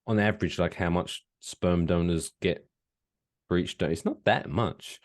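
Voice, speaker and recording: A man, co-hosting a casual podcast, telling stories with lively, swooping emphasis. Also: measured pace. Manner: animated storytelling, swooping pitch, laughs while talking. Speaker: podcast co-host.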